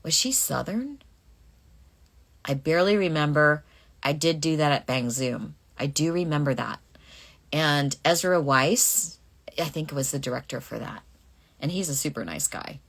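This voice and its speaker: A woman's voice: low-pitched, lively intonation, a little slow, a bit bright. A middle-aged voice actress casually answering fan questions on a livestream, reading them aloud and musing over her answers.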